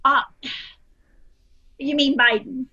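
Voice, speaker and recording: Earnest older woman, bright high voice. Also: steady tone, slow pace, lo-fi sound. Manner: earnest, self-deprecating, meandering. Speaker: interview guest. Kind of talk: casual interview storytelling.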